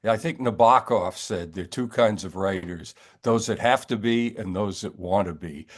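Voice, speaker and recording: Older male author guest, low voice, wry and meandering, chatty interview delivery. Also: normal speed. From New York area, US. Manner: wry, rambling storyteller. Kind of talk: relaxed interview chat.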